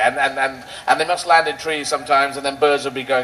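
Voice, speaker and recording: A man performing a stand-up routine on an outdoor rally stage, with a rambling, surreal, playful delivery full of quick asides. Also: medium pitch, fairly bright tone, slight background noise, low-quality recording. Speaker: stand-up comedian.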